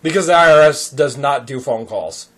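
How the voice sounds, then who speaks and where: A man's voice: medium pitch, normal speed. A man hosting a casual chat show, rambling through jokey stories and laughing often. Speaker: podcast host.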